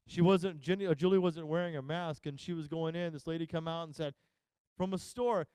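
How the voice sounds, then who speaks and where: A man's voice: on the high side, fairly even intonation, a little fast, darkish tone, clear, resonant tone, no room sound. A male pastor giving a humorous sermon, telling stories and acting out the voices of the people in them. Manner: jokey storyteller acting out quoted voices. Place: church service live stream.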